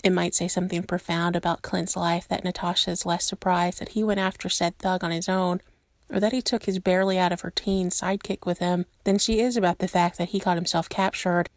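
Low gravelly woman reading a story. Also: little pitch movement, brisk, dry recording, studio quality. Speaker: narrator. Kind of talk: reading fan fiction aloud.

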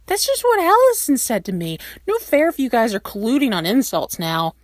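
A woman reading aloud and voicing a sarcastic, excitable young man who never stops talking. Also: fairly high pitch, no room sound, studio quality, voice pushed up. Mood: flustered sarcastic. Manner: quick, sarcastic, flustered. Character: mouthy excitable young man, talks nonstop.

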